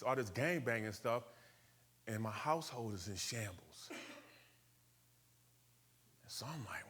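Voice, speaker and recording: A man's voice: mid-range voice, animated, unhurried, long pauses, a bit bright, husky. A man from Buffalo, USA, telling his personal story to a live audience in a conversational way, questioning the room and slipping into street slang. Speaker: motivational speaker.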